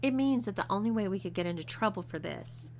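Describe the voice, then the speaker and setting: A woman voicing a calm, matter-of-fact young woman. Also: mid-range voice, quick pace, slight background noise, close to an everyday voice.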